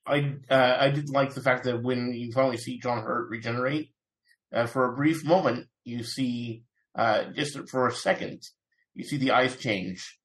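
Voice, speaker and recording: Measured male panelist, middle pitch. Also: steady tone, fairly bright tone, low-quality recording. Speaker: podcast panelist. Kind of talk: casual fan chat.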